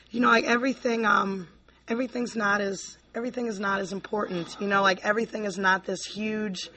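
In a mid-range voice that sounds pushed and bright, a woman from Virginia, USA, offers a candid, rambling recovery share at a convention, full of "you know, like," drifting between laughter and near tears.

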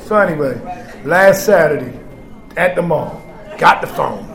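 A man's voice: a little high, lively intonation, a little slow, a crowd in the background. Raw, profane man in his forties. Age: 40s. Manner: raw, profane, swings from shouting to hushed. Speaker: speaker sharing his story with a group. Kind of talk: personal testimony to a group. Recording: echoey room with background noise.

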